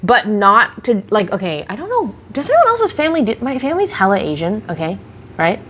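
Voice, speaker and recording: Huge pitch swings mark this woman's medium-pitched, fairly bright voice, and she speaks fairly quickly. Getting ready on a livestream, she chats and rambles while answering viewers' questions on a close streaming mic, with a little hiss or hum.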